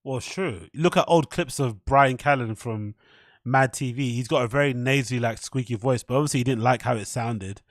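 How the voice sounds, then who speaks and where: A man's voice: mid-range voice, normal speed, no room sound, clean studio sound. A man hosting a solo podcast, commenting on clips in a mocking, sarcastic way and swearing freely. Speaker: podcast host. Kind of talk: rambling commentary over clips.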